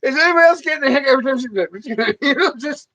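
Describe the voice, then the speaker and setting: A man's voice: very high-pitched, fast, sharp tone, poor audio. A man with a Southern US accent hosting a livestream, joking and teasing his co-host in casual chat.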